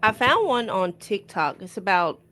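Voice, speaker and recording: Soft-spoken woman with a Memphis accent. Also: medium pitch, very animated, moderate pace, a little hiss or hum. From Memphis, Tennessee. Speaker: radio show co-worker. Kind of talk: casual chat.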